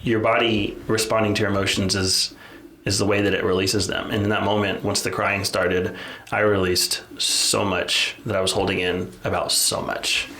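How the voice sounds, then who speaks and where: A man's voice: lowish voice, little pitch movement, normal speed, sharp tone. A man co-hosting a podcast, telling a personal story in casual, candid chat full of restarts and "like". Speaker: podcast co-host. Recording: roomy echo, faint noise.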